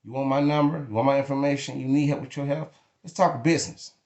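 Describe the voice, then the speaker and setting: A man's voice: mid-range voice, steady tone, fast talker, a little mellow. Blunt, cursing man venting. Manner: blunt, emphatic, cursing freely. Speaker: vlogger. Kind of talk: emotional venting monologue. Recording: echoey room.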